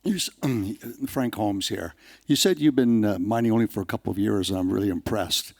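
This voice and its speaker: Man, audience commenter, low voice, gravelly, hesitant. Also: a little fast, darkish tone, no echo, studio quality. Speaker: audience member, mining investor.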